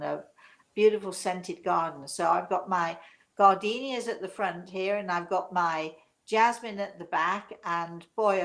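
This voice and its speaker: Older female host from England, meandering chatty delivery, mid-pitched. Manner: chatty, meandering, many fillers. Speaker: show host, medium. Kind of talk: rambling casual chat.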